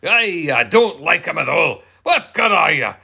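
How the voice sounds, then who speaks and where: A man's voice: a little high, big pitch swings, unhurried, gravelly, sharp tone, slightly rough, full character voice. A man voicing a blunt older Scotsman in a put-on Scottish accent, throwing mocking insults. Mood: taunting.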